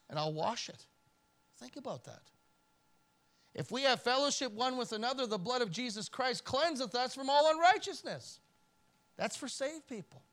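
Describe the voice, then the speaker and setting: A man preaching a sermon in church as pastor, swinging from loud emphasis to near-whispered pleading. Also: sits high. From Canada.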